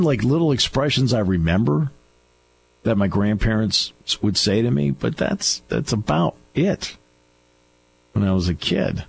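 A man's voice: mid-range voice, expressive, unhurried, vocal fry, a little hiss or hum. A middle-aged man hosting a radio talk show, telling stories in a chatty way with restarts. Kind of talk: casual radio chat. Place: radio studio.

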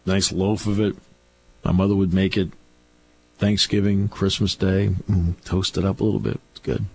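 A man's voice: deep voice, little pitch movement, normal speed, gravelly, darkish tone, slight background noise. A middle-aged man hosting a radio talk show, telling stories in a chatty way with restarts. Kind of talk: casual radio chat. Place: radio studio.

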